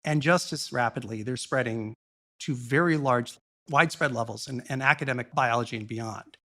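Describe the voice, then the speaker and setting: Gravelly-voiced man explaining earnestly. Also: mid-range voice, sharp tone. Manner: measured and earnest, with blunt asides. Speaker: podcast guest. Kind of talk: explanatory monologue in conversation.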